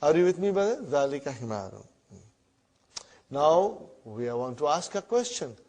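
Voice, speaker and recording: A man teaching a classroom Arabic lesson in English, repeating words slowly and checking in with the students as he goes. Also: fairly high pitch, sing-song, darkish tone. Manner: repeats words slowly, often asks "huh?" and "brother".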